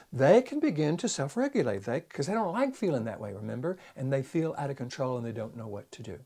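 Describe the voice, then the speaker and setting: Gravelly, folksy male psychologist teaching. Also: fairly high pitch. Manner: animated, acts out little parent-child dialogues; conversational, folksy. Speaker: psychologist and speaker. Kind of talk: teaching talk to camera.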